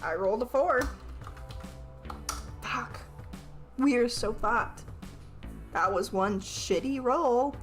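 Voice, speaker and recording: A woman streams a tabletop-style game run by an AI game master, reading its narration aloud, swearing often, laughing, and asking how to pronounce words. Her voice is fairly high, slow and full of pauses, over soft background music.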